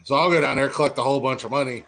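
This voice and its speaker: A man's voice: mid-range voice, fairly even intonation, very fast, gravelly, fairly bright tone. A man co-hosting a casual comedy podcast, talking in laid-back, swearing banter and teasing his partner. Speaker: podcast co-host.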